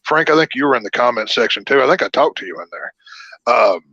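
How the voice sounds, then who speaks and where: A man co-hosting a podcast, talking bluntly and griping about what he watched. His voice is bright and forward. The sound is dry and a little dull, like a modest home setup. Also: medium pitch, expressive, fast talker, breathy edge, no room sound. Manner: blunt, complaining, acts out quoted reactions. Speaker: podcast co-host. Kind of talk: casual opinionated chat.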